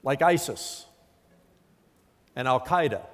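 A man's voice: a little high, lively intonation, normal speed, long reverb tail. Emphatic middle-aged male pastor preaching. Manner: emphatic, acts out quotes. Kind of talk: sermon.

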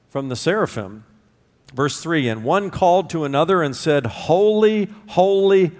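Emphatic preacher man in a reverberant hall. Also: medium pitch. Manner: emphatic, repeats words for stress, with pauses. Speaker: pastor. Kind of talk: sermon.

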